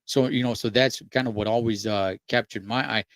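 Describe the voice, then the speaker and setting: A man's voice: mid-range voice, steady tone, fairly quick, a bit bright, dry recording. A man hosting a casual talk, laid-back and curious, with slang. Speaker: host. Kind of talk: casual conversation.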